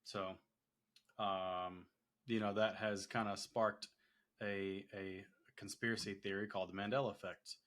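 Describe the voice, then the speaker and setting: A man co-hosting a casual chat, relaxed and hesitant, swearing offhandedly. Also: lowish voice, unhurried. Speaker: co-host.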